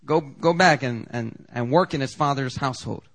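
A man's voice: medium pitch, normal speed, fairly bright tone. A man preaching a sermon in a casual, conversational way, acting out the quoted lines with big jumps in voice. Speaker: pastor.

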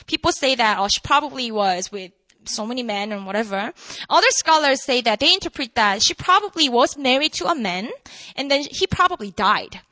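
A woman preaching a sermon to a room, emphatic and animated, asking her listeners rhetorical questions. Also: fairly high pitch, a little fast, no room sound. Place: room with an audience.

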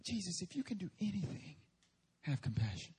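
A man voicing a helpless father who pleads softly and haltingly for his son. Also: sits high, sing-song, slightly rough, full character voice. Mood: pleading. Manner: hushed, pleading, trailing off.

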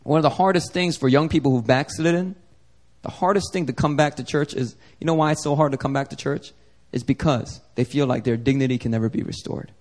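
A young man preaching a sermon as pastor, talking casually, climbing to emphatic peaks and dropping soft and low. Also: a little fast.

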